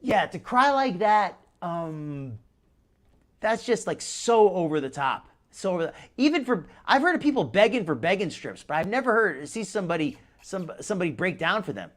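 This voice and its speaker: A man's voice: high-pitched, very animated, moderate pace, fairly bright tone. Rambling male live-stream host. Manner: rambling, restarts a lot, chuckles. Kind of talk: casual live-stream commentary.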